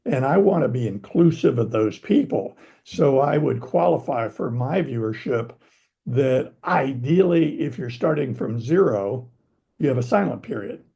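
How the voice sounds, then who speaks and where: A man's voice: medium pitch, animated, unhurried, creaky, warm tone. A man hosting a conversation, weighing his points carefully and qualifying what he says. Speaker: channel host. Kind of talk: conversational interview.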